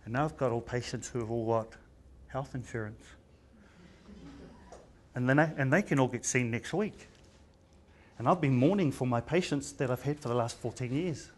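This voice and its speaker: A man's voice: mid-range voice, normal speed, long pauses. A middle-aged man with a New Zealand accent, a general practitioner giving an informal seminar talk, chatty and full of stammers and restarts, dropping in Māori words. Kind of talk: informal conference presentation.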